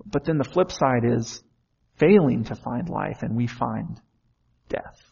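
A man's voice: medium pitch, animated, slow pace, gravelly, darkish tone, breathy edge, highs cut off. A man preaching a sermon in an earnest way, often asking the listeners questions.

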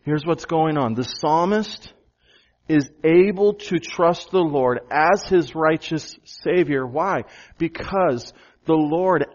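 Slow, lo-fi preaching man. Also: fairly high pitch. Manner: preaching with rhetorical questions and repetition. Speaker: pastor. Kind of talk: sermon. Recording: dull, lo-fi sound.

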